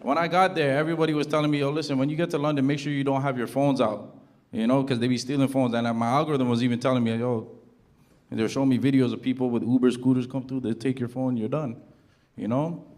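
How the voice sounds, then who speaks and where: A man from Toronto doing a stand-up comedy set in front of a live audience, telling his stories in an animated way and acting out the voices of the people in them. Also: medium pitch, fast. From Toronto, Canada. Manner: animated storytelling, acts out quoted voices loudly. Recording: loud audience noise and laughter.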